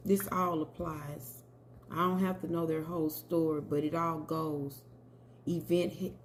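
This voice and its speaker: Woman, tarot reader, chatty, unhurried delivery, lowish voice, faint background hiss. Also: flat delivery. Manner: chatty, addresses viewers as y'all. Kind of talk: casual commentary and tarot reading.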